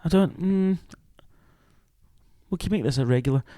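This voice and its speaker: A man's voice: on the high side, expressive, warm tone, dry recording, clean studio sound. A young man co-hosting a podcast who teases and questions his friend. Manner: teasing, quick to question. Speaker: podcast co-host. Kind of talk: casual chat.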